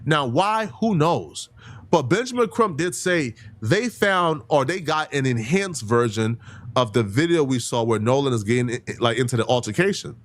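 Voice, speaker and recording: A man's voice: medium pitch, animated, normal speed. A man hosting an online commentary show, talking animatedly and firing off rhetorical questions.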